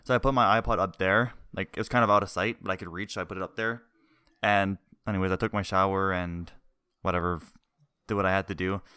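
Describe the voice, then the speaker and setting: A man's voice: low-pitched, fairly even intonation, fast talker, bright, forceful tone, clean tone, no room sound, clean studio sound. A young man co-hosting a podcast, telling a rambling, laugh-filled story in casual chat and swearing freely. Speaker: podcast co-host.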